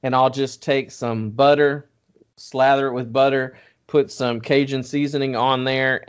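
A man's voice: medium pitch, clean tone, lo-fi sound. A man co-hosting a casual chat, explaining things easily and step by step. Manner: relaxed, easygoing, explains step by step.

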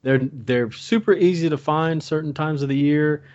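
A man's voice: a little high, normal speed, darkish tone, lo-fi sound. Laid-back man from Louisiana. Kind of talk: casual fishing podcast chat.

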